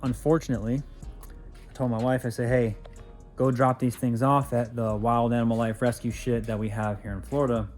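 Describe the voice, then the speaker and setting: A man's voice: mid-range voice, little pitch movement, a little fast, a little mellow, soft background music. A man vlogging about his car, telling a rambling, casual story full of swearing and filler phrases.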